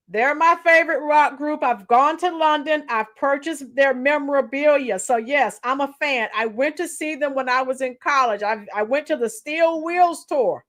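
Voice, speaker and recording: On a casual livestream, a schoolteacher in her fifties reads the chat aloud and chats with her viewers, sometimes slipping into song. She has a high voice with a fairly bright tone.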